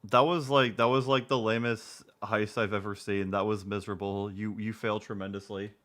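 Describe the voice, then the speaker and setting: A man's voice: lowish voice, flat delivery, moderate pace, a bit bright. A man in his twenties, casually commenting on a live stream, rambling and repeating himself. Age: 20s.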